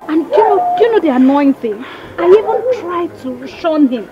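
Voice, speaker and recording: A woman's voice: extremely high pitch, very animated, normal speed. An actress with a Nigerian accent playing an angry, frustrated young village woman, exclaiming, in a dull lo-fi film recording with music. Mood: upset. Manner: agitated, exclaiming. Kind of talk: film drama acting.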